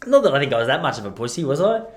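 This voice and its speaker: A man's voice: mid-range voice, sing-song, rapid-fire. Chatty Australian man, self-mocking. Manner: chatty, self-mocking, acts out voices in quoted stories. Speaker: podcast host. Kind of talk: casual solo monologue.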